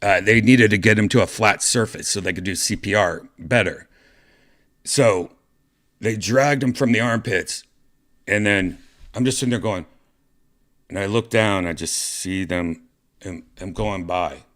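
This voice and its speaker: Deep-voiced man rambling through a story. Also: a little slow, pauses often, fairly bright tone. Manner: rambling, profane, many fillers and restarts. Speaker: podcast host. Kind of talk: casual storytelling monologue.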